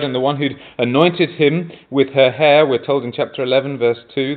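A man preaching a sermon, earnest, often turning to the congregation with rhetorical questions. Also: mid-range voice. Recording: tinny phone-like sound.

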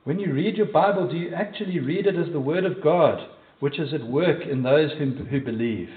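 A South African man preaches with emphasis, firing questions straight at his listeners. His fairly high voice sounds distant and thin, as if heard over a phone line. It rings out in a reverberant church. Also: moderate pace. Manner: emphatic, asks the congregation direct questions. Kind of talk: sermon.

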